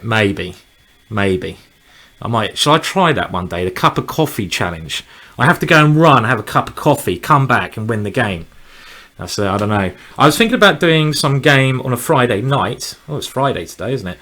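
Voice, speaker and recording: A man's voice: mid-range voice, fairly bright tone. Male chess streamer, chatty, rambling, mid-range voice, erupts into cheers at good moves. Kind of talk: live chess commentary while playing.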